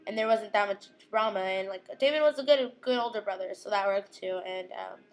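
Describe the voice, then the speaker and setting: A woman's voice: medium pitch, soft background music. Giggly young woman gushing. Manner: gushing, giggly, quotes characters in quick imitations. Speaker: vlogger recapping a TV episode. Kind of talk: casual chatty recap.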